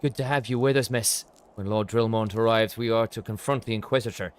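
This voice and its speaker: A man's voice: on the low side, steady tone, brisk, a little hiss or hum, natural voice. A man reading as a stern righteous knight-lord. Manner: formal and commanding.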